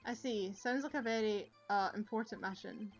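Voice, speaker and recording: A woman's voice: mid-range voice, moderate pace, highs cut off, faint music behind, natural voice. A woman with a Scottish accent voicing an earnest young male defense lawyer in a plain, questioning tone, reading game dialogue aloud.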